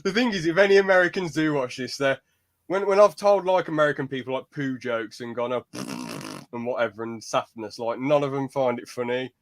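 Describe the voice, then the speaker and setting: A man's voice: medium pitch, very animated, a little fast. A young man hosting a podcast in casual chat, laughing often and joking crudely. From United Kingdom. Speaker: podcast host.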